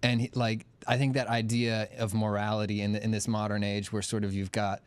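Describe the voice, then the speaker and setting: A man's voice: lowish voice, flat delivery, fairly quick, clean tone, natural voice. A man playing a wrestler guest on a talk show, earnest and hesitant, full of fillers. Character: male wrestler guest explaining his character.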